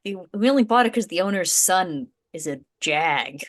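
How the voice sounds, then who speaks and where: A woman's voice: fairly low pitch, lively intonation, moderate pace. A woman playing her character in a tabletop game, dry and weary. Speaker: player.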